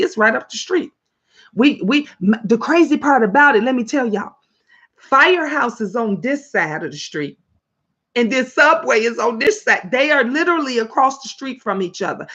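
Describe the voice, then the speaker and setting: A woman with a Chicago accent chats live with her viewers in a lively, animated way. Her voice sits a little high and she laughs often. The webcam audio is dull and lo-fi. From Illinois, USA. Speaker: livestream host. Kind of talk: casual livestream chat, reading comments aloud.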